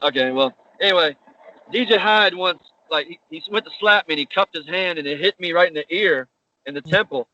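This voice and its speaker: A man's voice: high voice, a little fast, pushed and bright, dull audio. A man, a pro wrestler, being interviewed, telling stories casually and animatedly with laughs and casual swearing.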